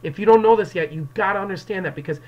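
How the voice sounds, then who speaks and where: A male English teacher records a lesson for his class, speaking into an external microphone. His voice sits a little high, and he explains each turn of the plot directly to the students. He breaks into the characters' lines as he reads them. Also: fast talker, dull audio. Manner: explanatory, addresses students directly, acts out quotes. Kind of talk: classroom lecture video.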